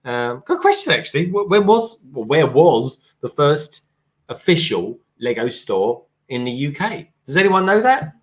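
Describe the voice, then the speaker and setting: A man's voice: on the high side, very animated, measured pace. A man guesting on a livestream, chatting casually in a hesitant, easygoing way. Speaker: co-host guest.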